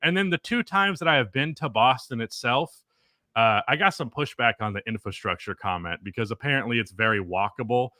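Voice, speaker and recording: Profane, opinionated male podcast co-host; bright, tense tone, dry sound. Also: medium pitch, brisk, dry recording. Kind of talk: casual sports podcast chat.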